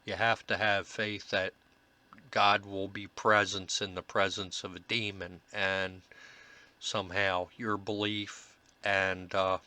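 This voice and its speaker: A slow-talking man with a lowish voice and a sharp, bright edge to it. He explains his paranormal investigation recordings in an earnest, reflective way, pausing often on fillers as he gathers his thoughts. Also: level tone. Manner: halting, many filler pauses. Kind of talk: narrated commentary over recordings.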